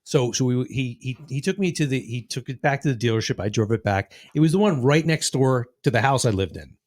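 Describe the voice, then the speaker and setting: This podcast host, a man in his sixties, has a medium-pitched, expressive voice and talks fairly quickly. He spins long, rambling tales full of profanity during casual chat, voicing the quotes of the characters involved.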